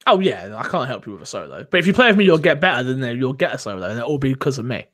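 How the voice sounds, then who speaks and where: Animated, joking gaming podcast host man. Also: mid-range voice, very fast. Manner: animated, joking, self-mocking boasts. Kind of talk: casual gaming podcast chat.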